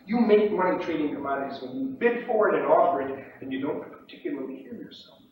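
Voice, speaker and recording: A man teaching trading to a room of trainees, lively, acting out the shouts and voices of traders on the floor. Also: high-pitched, quick pace. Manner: animated, acts out pit shouts and mimics other traders. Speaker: trading instructor. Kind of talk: lecture to trainees. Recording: distant echoey room, dull lo-fi tape with faint hiss.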